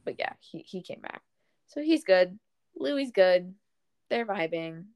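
A young woman in casual chat, telling a story in a relaxed way with lots of fillers. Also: lowish voice, slow pace, no echo.

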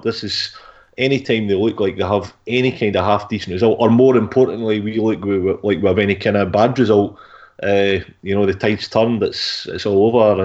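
A man's voice: lowish voice, darkish tone. Easygoing man on a lo-fi line. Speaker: podcast co-host.

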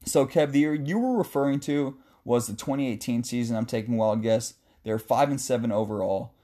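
A man hosting a casual sports talk show, answering a listener's question in a chatty, joking way with animated asides. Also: mid-range voice. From West Coast of the US.

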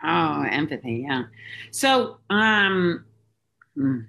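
Low-voiced woman coach explaining emphatically. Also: expressive, very slow, gravelly, fairly bright tone. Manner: emphatic, explains in numbered points with acted examples. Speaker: executive coach. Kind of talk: conversational interview.

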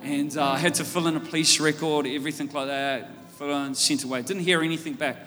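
A man with an Australian accent preaches in a church hall. His voice is bright and forceful, pitched a bit high, and it carries a long reverb from the hall. Faint music plays underneath. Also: fairly even intonation, a little fast. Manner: storytelling, building to loud fervent preaching. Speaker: pastor. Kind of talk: sermon. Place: church auditorium.

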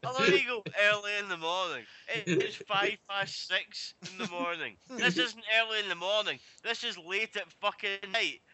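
Sweary, bright-voiced ranting man. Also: sits high, moderate pace, few pauses. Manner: profane, ranting storyteller. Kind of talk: casual chat.

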